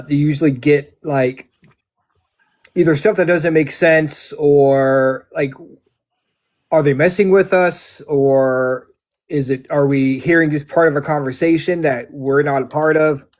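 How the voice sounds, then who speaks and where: A man hosting a casual livestream chat, asking questions hesitantly with many fillers and restarts. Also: a little high. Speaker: host.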